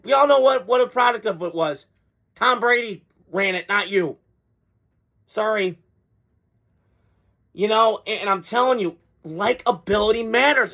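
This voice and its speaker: A man's voice: high voice, gravelly, a bit bright. A man hosting a sports talk show, delivering a blunt, profane, mocking monologue.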